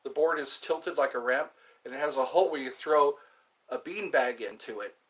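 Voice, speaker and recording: A man hosting a casual livestream, rambling and answering viewer comments with halting fillers. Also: mid-range voice, a bit bright. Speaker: livestream host. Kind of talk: casual live chat with viewers.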